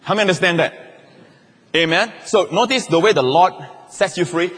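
A man preaching a sermon to a church crowd, animated, often checking in with "all right?" and rising to shouts on key lines. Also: high voice, a little fast, husky. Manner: repeats words and restarts, asks the crowd "all right?". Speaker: pastor. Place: large church hall. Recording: live hall echo.

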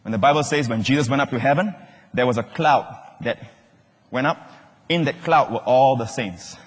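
A man preaching a sermon in a large hall, animated, questioning the congregation and shouting out key words. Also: mid-range voice, normal speed. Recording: long hall reverb.

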